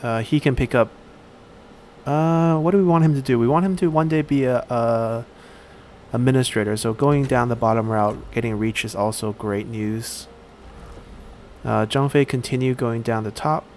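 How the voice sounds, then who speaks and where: A man giving casual let's-play commentary while he plays a strategy game, thinking aloud and pausing often on fillers. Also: mid-range voice, a little mellow, a little hiss or hum. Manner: thinks aloud, halting with frequent "uh".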